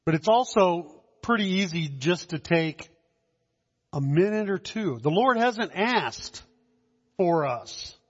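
A man preaching a communion sermon, slow and measured, with dramatic pauses and soft drops in his voice. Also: high voice, expressive, slightly rough. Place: church hall. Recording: dull sound in a long-echoing hall.

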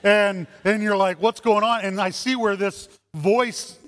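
A man preaching a sermon as a pastor, animated, acting out voices in his stories. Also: high voice, unhurried. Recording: long hall reverb.

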